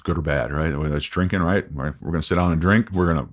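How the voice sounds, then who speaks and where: Deep-voiced man recounting, halting. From United States. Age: 40s. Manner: halting, many restarts and fillers, quoting himself. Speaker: podcast guest. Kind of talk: candid interview.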